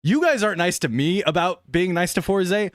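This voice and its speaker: A young man chatting casually on a live stream, excitable and laughing often. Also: high voice, moderate pace, dry recording, studio quality.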